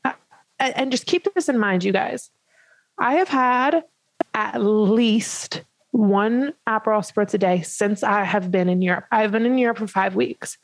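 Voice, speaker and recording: A woman in her twenties telling a funny story in casual chat as a podcast co-host, animated and full of "like" fillers. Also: medium pitch, measured pace, no room sound, poor audio. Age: 20s. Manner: animated, many "like" fillers, laughs while telling.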